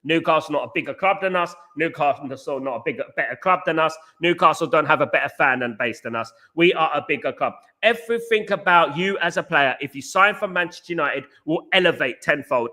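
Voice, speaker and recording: A podcast host with a fairly high, pushed, bright voice runs a casual live stream for football fans. He's passionate and repetitive, often addressing his viewers directly.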